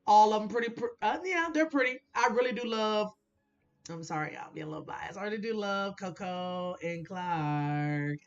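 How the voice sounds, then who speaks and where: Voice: mid-range voice, normal speed, vocal fry, highs cut off. A recap vlogger in casual, blunt commentary who swears freely and laughs often.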